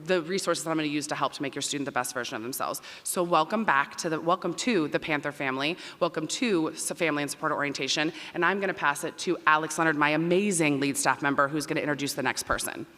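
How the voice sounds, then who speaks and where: A loud, energetic woman dean speaks quickly from a stage microphone. Her voice is bright and forceful, and it rings out with a long reverb across a big auditorium. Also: low-pitched. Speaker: dean of students. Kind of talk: welcome speech to families. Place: large performing arts auditorium.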